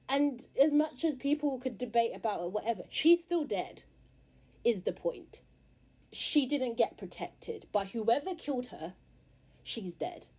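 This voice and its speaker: A woman's voice: medium pitch, a little mellow, breathy edge. Blunt, candid British woman vlogging. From England. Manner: candid, blunt, earnest, swears freely. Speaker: musician and YouTuber. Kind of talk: casual monologue to camera.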